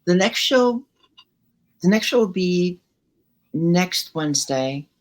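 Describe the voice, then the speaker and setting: A woman hosting her live talk show, speaking in a reflective, encouraging and measured way. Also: on the low side, expressive. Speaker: show host. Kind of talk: casual live show chat.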